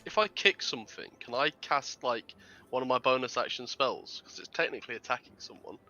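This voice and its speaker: Bright-voiced male player, dull far sound. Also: medium pitch. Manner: quick, eager questions. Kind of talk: casual game chat.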